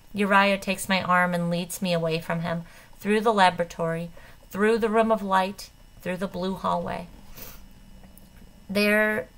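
A woman narrating a first-person audiobook with an expressive, dramatic delivery. Her voice sits on the lower side for a woman. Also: rough recording. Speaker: audiobook reader.

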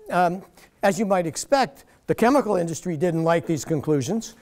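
Animated, higher-voiced man giving a lecture. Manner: animated storyteller, mocking quoted critics. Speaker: guest lecturer. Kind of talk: public lecture storytelling. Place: lecture hall.

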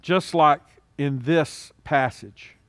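A man preaching a sermon, moving from hushed and solemn to loud, urgent pleading. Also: a little high, slow pace, clear, resonant tone, dry recording. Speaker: pastor.

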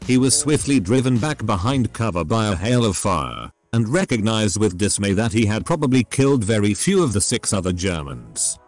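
Low synthetic male story narrator. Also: moderate pace, few pauses, soft background music. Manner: steady machine-read delivery. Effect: synthetic text-to-speech voice.

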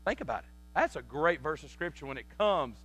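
A pastor preaching a sermon, animated, with repeated words and sudden loud emphasis, telling folksy family stories. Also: male voice, a little high, brisk, slightly rough. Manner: tells folksy family anecdotes. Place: church sanctuary.

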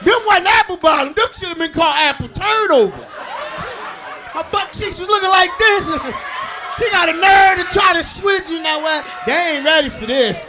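High-voiced, loud, laughing stand-up man. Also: lively intonation, moderate pace. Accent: Brooklyn, New York. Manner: loud, laughing, crowd-working storytelling. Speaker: stand-up comedian. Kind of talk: stand-up comedy set. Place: comedy stage before a live audience. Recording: faint crowd noise in the room.

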